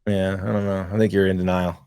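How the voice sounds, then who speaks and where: A man co-hosting a gaming podcast in a relaxed, rambling way, laughing easily and reading chat aloud. His voice sits fairly low and comes through dry and close, with no room sound. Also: quick pace, clean tone, no echo. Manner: laid-back, laughs often, many fillers; reads chat messages aloud. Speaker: podcast co-host.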